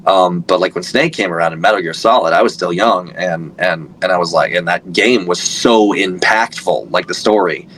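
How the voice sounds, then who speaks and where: Low-voiced rambling man, voice actor. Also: normal speed, few pauses, fairly bright tone, slight background noise, rough recording. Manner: rambling, many fillers and restarts. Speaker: voice actor guest. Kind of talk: casual interview talk.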